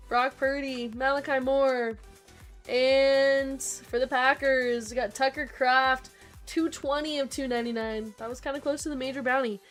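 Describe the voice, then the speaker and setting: Young woman, high voice, breaks host, quick chatty name lists, faint music behind. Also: a bit bright. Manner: rapid listing of names, chatty asides to viewers. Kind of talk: live-stream card break commentary.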